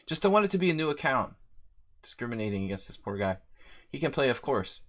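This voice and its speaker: A man's voice: medium pitch, big pitch swings, fast. A man hosting a live chess stream, chatting casually and rambling as he reads out viewer names.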